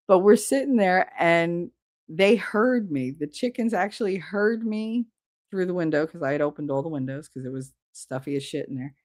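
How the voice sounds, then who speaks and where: A woman's voice: deep voice, no echo, studio quality. A middle-aged woman hosting a livestream, talking in a rambling, candid way with lots of fillers and the odd swear word. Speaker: livestream host. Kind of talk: casual chat.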